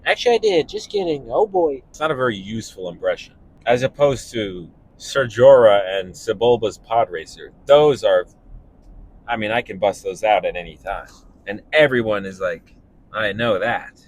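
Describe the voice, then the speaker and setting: A young man, a stand-up comedian, talking casually and animatedly while driving, breaking into laughs and quick voices. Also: lowish voice, a little hiss or hum. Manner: animated, laughing, jumping into impressions. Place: car.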